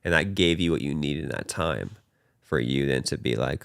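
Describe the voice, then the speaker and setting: Young guy, really low gravelly voice, earnest faith talk, dry close sound. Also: normal speed, no room sound. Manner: earnest, animated, talks with his hands in quoted voices. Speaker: podcast host. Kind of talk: casual faith chat.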